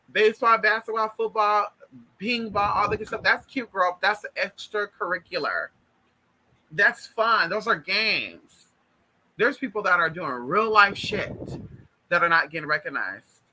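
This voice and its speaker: A man with a very bright, sharp voice pitched a little high speaks straight to his viewers in a casual monologue. He is emphatic and repeats himself. He often calls his listeners honey and y'all. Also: rough recording. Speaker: spiritual vlogger. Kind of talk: casual direct-to-camera monologue.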